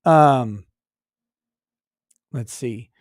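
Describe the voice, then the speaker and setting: A man's voice: medium pitch, extremely slow, a little mellow, dry recording, studio quality. A man hosting a live stream, reading chat aloud and going on profane mock rants. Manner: profane, mock-ranting at chatters. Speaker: livestream host.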